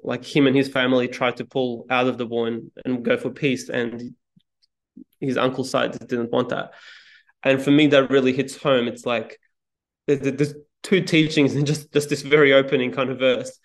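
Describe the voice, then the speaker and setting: A man being interviewed as a guest, telling a story in a calm, measured way with small restarts. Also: mid-range voice. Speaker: podcast guest, speaking coach. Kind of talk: reflective interview talk.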